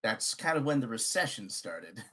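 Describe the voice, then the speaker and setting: A man's voice: fairly low pitch, very animated, measured pace, fairly bright tone, slightly rough. A man who is a guest on a casual podcast review, laid-back and often laughing.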